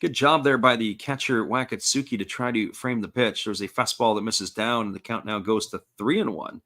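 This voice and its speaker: A man giving live baseball play-by-play commentary, folksy and steady, reading out chat messages between pitches. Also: moderate pace.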